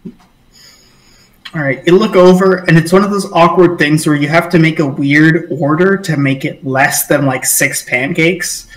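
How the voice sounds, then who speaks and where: A man's voice: a little high, a little slow, reverberant, poor audio. A man narrating as game master, rambling with many fillers.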